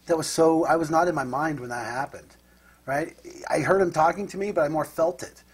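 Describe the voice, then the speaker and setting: Middle-aged interview guest from the Midwest, husky and breathy, rambling and reflective. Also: male voice, fairly high pitch, fairly quick. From Nebraska, USA. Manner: rambling and reflective, with frequent tag questions. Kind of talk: casual storytelling.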